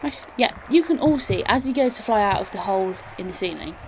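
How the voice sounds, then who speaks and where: A woman narrating a tabletop game as game master, in a steady, descriptive way. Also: medium pitch, fast talker, slight background noise, low-quality recording.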